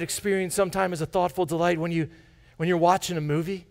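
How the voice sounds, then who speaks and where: A man's voice: sits high, fairly even intonation, fast, creaky. A man preaching a sermon as pastor of a church, enthusiastic and chatty, with joking asides to the congregation and frequent restarts. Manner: enthusiastic, bursts out with loud exclamations; frequent restarts and repeated words. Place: church sanctuary.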